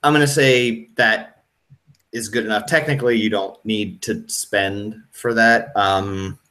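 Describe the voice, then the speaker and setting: A man's voice: lowish voice, steady tone, unhurried, bright, forceful tone. A man narrating as game master of a tabletop horror game, hesitant, with many ums and restarts.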